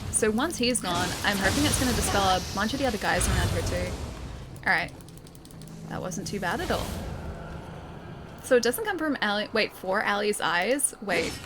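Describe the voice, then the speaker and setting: A woman streaming a game live, chatting playfully with her viewers and joking as she plays. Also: a little high. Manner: playful, chatty, jokey asides.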